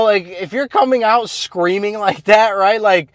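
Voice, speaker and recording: A man's voice: high-pitched, measured pace, no room sound, studio quality. Blunt, slangy male coach. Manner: blunt, slangy, filler-heavy talk. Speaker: men's self-improvement coach. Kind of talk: casual advice monologue.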